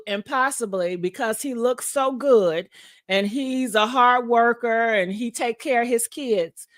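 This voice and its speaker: A woman's voice: on the high side, a little slow, fairly bright tone, dry recording, clean studio sound. A woman vlogger casually telling a personal story to her viewers, frank and profane, laughing often.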